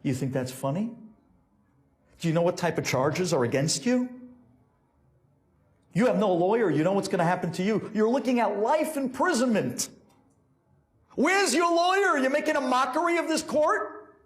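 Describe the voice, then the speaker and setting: A stern courtroom judge, scolding and formal as a storyteller voices him. The voice sits high and moves with wide swings. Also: male voice, big pitch swings, normal speed, pauses often, a little mellow.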